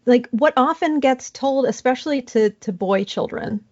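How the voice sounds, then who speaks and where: A woman therapist talking as an interview guest, in a casual, animated way. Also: sits high, normal speed, muffled recording. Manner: animated, acts out quoted voices.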